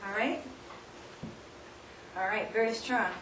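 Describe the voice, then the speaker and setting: A woman's voice: a little high, slow pace. A woman speaker leading a live workshop demonstration with volunteers, coaxing and instructive, often laughing. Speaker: seminar speaker. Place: hall with an audience. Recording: distant, echoey room recording with noise.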